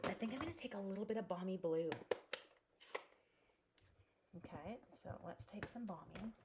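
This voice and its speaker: Over a noisy background, a woman with a medium-pitched voice speaks at a moderate pace. She's a talkative crafting demonstrator hosting a live tutorial in her home craft room, musing out loud and welcoming viewers by name as she goes.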